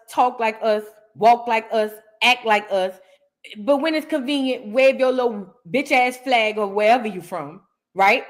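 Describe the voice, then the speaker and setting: An American woman hosting a reaction show, giving heated commentary on viewer comments and repeating her lines for emphasis. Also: a little high. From United States.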